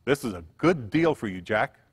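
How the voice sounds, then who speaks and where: A man's voice: medium pitch, lively intonation, normal speed, husky. A man doing a friendly beat cop. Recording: church hall reverb.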